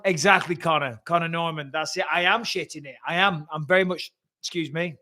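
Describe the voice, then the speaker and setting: A man's voice: fairly high pitch, brisk, bright, forceful tone. A man with an English accent hosts a casual livestream Q&A from home, chatting loosely, swearing freely and reading out viewer comments. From England. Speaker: host. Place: room at home, a bit echoey. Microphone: webcam livestream.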